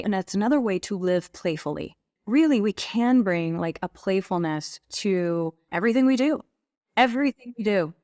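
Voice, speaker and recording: A middle-aged woman, a guest on a talk show, telling personal stories in an animated way and acting out what people said. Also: lowish voice, dry recording, clean studio sound. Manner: animated, acts out quoted voices. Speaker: guest, women's group leader. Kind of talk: conversational storytelling.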